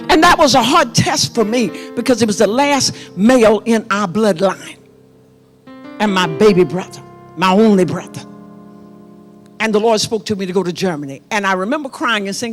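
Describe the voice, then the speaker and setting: A middle-aged woman pastor preaches with passion from the pulpit of a church. She tells a personal story and turns often to the congregation to speak to them directly. Soft music plays faintly underneath. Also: mid-range voice. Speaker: pastor and prophet. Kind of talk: sermon.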